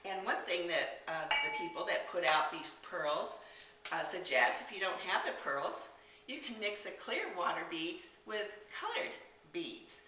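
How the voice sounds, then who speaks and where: A woman's voice: lowish voice, expressive, a little slow, bright, forceful tone, distant mic, a little hiss or hum. A woman casually demonstrating decorating crafts, chatty and enthusiastic, exclaiming as she works. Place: indoor room. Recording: echoey room, somewhat off-mic.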